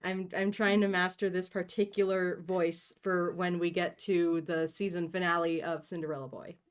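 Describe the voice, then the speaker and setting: A woman's voice: lowish voice, little pitch movement, normal speed. A young woman hosting a book read-along, chatting casually with sarcastic, giggly asides. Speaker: host reading a book aloud.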